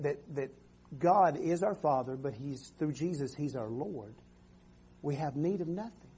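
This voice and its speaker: A man's voice: fairly high pitch, warm tone, husky. A man preaching a sermon as pastor, calling out "Amen" and "come on" and often restarting his phrases. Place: church sanctuary.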